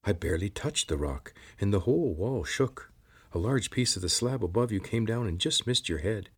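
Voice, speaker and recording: Storybook lizard sidekick, formal and deferential, voice lifted above a man's own husky tone. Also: fairly low pitch, lively intonation, moderate pace, pitched above the performer's own voice. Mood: earnest, anxious. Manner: formal, deferential, calls everyone sir, no contractions. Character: polite formal male lizard companion, loyal.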